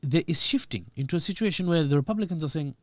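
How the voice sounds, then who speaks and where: A man, a podcast guest giving lively, joking political commentary. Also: on the high side, fast, no echo. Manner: animated, joking, acts out quoted voices.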